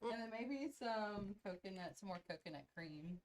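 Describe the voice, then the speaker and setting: A woman's voice: medium pitch, expressive, normal speed. A woman co-hosting a live stream, giggling and chatting casually as she mixes drinks. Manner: giggly, chatty, playing bartender. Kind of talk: casual chat.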